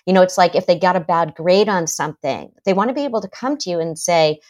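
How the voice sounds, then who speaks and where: A woman's voice: on the low side, animated, fast talker, darkish tone. A middle-aged woman psychotherapist in a podcast interview, talking animatedly and acting out parents' voices. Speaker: psychotherapist guest.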